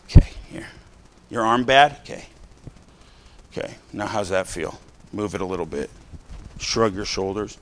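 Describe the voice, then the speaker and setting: A man preaching a sermon, talking to the congregation in a casual way, with many "right?" and "you know" asides and shouts for emphasis. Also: fairly low pitch, animated, measured pace, pauses often. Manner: conversational, rising to shouts of emphasis.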